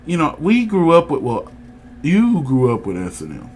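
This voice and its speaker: Chatty, slightly high male co-host. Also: moderate pace, a little hiss or hum. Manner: chatty and animated, teasing, leads the talk. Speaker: podcast co-host. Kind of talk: casual show review chat.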